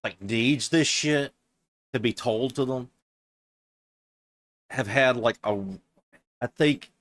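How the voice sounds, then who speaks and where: A man streaming, reacting to a clip with sarcastic, profane, flatly delivered commentary. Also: medium pitch, slow pace. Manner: flat deadpan delivery.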